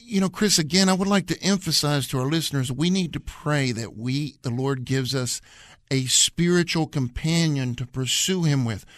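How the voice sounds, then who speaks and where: A man's voice: fairly high pitch, normal speed, no room sound. A man co-hosting a radio Bible study, talking earnestly and repeating phrases to drive his points home. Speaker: radio program co-host and Bible teacher.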